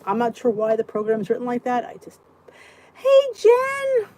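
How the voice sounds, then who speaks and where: A woman's voice: a little high, little pitch movement, quick pace, warm tone, poor audio. A woman in her fifties hosting a casual live support chat, ranting and talking straight to her viewers, greeting them by name. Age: 50s.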